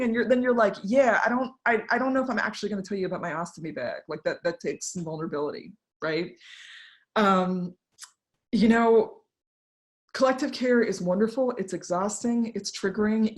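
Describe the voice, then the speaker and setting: A woman giving a talk to an online audience from home, candid and conversational, with fillers and asides, voicing the people she quotes. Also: medium pitch. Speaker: invited speaker.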